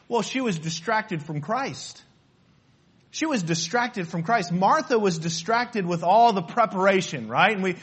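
A man preaching a sermon in an emphatic, animated way, repeating his key phrases. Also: high-pitched, slightly rough.

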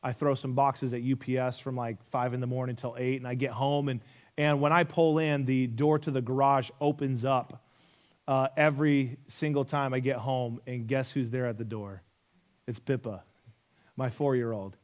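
A man's voice: mid-range voice, steady tone, moderate pace, a little mellow. A man in his thirties preaching a sermon, emphatic, repeating key phrases and asking rhetorical questions. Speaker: pastor.

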